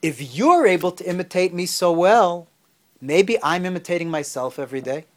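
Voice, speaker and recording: A man voicing a gentle, elderly male rebbe who reassures softly. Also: high-pitched, lively intonation, moderate pace. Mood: reassuring.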